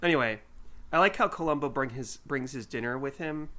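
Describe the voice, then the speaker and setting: A man co-hosting a podcast in casual chat, animated and jokey, often trailing off mid-sentence. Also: mid-range voice, fairly quick, crowd noise. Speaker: podcast co-host.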